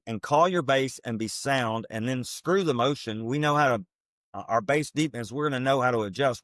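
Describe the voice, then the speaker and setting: A man's voice: mid-range voice, a bit bright, dry recording, studio quality. Emphatic ex-coach man talking football. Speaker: podcast co-host, former football coach. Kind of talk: casual football analysis chat.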